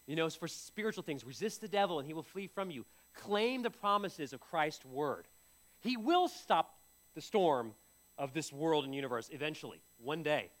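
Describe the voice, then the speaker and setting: A man's voice: a little high, a bit bright. A man preaching a sermon in a conversational way, often repeating and restarting his words. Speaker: pastor.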